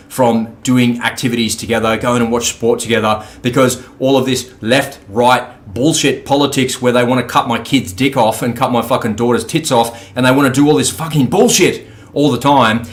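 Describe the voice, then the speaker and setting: Furious profane Australian man. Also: medium pitch. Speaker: guest. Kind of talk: angry podcast rant.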